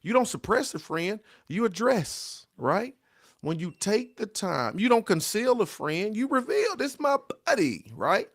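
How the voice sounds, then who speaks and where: A man's voice: high-pitched, sing-song, measured pace, a bit bright, dry recording, studio quality. A middle-aged man, a pastor, giving a devotional talk on grief in a repetitive, exhorting preacher cadence, often asking "right?". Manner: exhorting, call-and-response.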